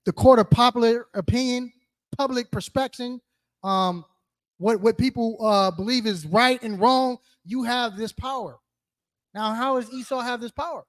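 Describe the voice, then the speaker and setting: A man teaching a group in an interactive sermon, his voice sitting high. He talks in slang, keeps asking "right?", and calls on people by name. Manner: calls on listeners, asks questions, repeats answers; slangy, emphatic, rhetorical "right?". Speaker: teacher leading a scripture study.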